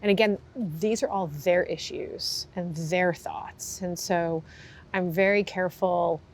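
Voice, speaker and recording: A woman horse trainer in an interview, telling her story candidly with animated, lively delivery and frequent fillers. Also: lowish voice, slow pace, a little hiss or hum. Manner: animated, acts out quoted reactions, frequent fillers.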